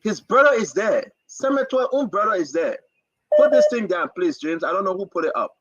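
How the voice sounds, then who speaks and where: A man's voice: high voice, expressive, a little fast, highs cut off, background noise. A man with a Liberian accent hosting a talk show, delivering fiery political commentary with repetitive, preacher-like emphasis.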